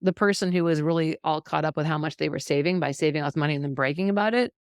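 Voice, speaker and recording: Middle-aged woman, health teacher, lower pitch, dry close sound, lively and encouraging with frequent laughs. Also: fast, clean tone, no room sound. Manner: animated, encouraging, laughs often. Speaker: health educator. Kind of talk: faith-based teaching talk.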